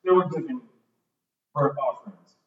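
A man's voice: fairly high pitch, normal speed. A man preaching a sermon, reading scripture and talking in a conversational way with repeated words and asides. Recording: echoey hall, voice from far off, dull sound.

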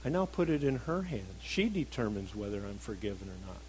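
A middle-aged man preaching a sermon, earnest, moving between emphatic stresses and soft, reflective passages. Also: on the low side, sing-song, fairly quick, slight background noise, rough recording.

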